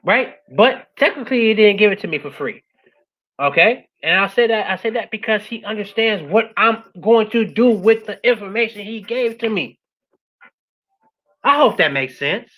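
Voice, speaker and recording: A woman speaking as a guest, giving a passionate motivational talk. She keeps asking "right?" and swings from loud urging to a soft, quiet close. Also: animated, moderate pace, low-quality recording. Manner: passionate, repeats "right?" after most points; swings between loud urging and soft, low-key closing.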